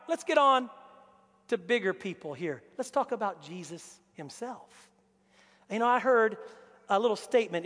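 A man preaching a lively sermon to his congregation, acting out Bible characters in put-on voices. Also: high voice. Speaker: pastor. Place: church hall. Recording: long reverb of a church hall.

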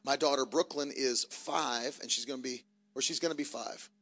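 A man in his thirties, a traveling preacher, telling jokey family stories from the pulpit with loud bursts. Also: mid-range voice, moderate pace. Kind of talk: church announcements and family stories. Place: church service.

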